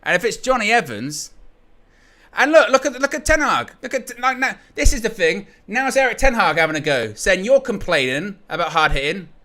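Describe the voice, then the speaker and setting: A man giving live fan commentary on a football game, his pitch leaping around as he laughs, swears and rants at the officials. His voice is bright and forceful, sitting a little high for a man. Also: big pitch swings, fairly quick. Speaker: fan match watchalong host.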